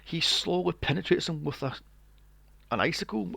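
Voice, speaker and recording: Podcast host, male, slightly high and very animated delivery, mocking and profane. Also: normal speed, gravelly, breathy edge, dry recording. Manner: animated, acts out scenes in mocking voices, swears often. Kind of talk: casual movie review chat.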